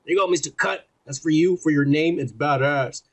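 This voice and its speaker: A man from Texas co-hosting a casual podcast, reading comments aloud with loud, crude, profane banter and frequent laughter. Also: fairly high pitch, brisk, heavy background noise. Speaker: podcast co-host.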